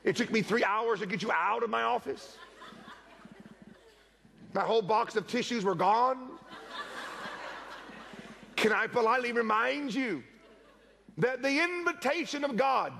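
A middle-aged man preaching a sermon in church, telling lively stories and acting out the voices of the people in them. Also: very high voice, unhurried, vocal fry, long pauses, a faint crowd. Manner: animated storytelling preacher, acts out quoted voices. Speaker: pastor.

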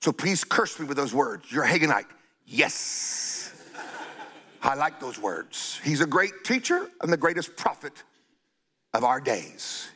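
An older man preaching a sermon in a blunt, scolding way, stretching out key phrases and breaking into shouts. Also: on the high side, sing-song, unhurried.

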